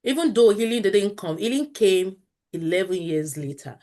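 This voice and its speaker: This is a Nigerian-accented woman in her thirties, a guest on an interview show. She tells a personal story in a candid, earnest way and slips easily into Pidgin phrases. Her voice sits at an ordinary mid pitch. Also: expressive, moderate pace, dark tone.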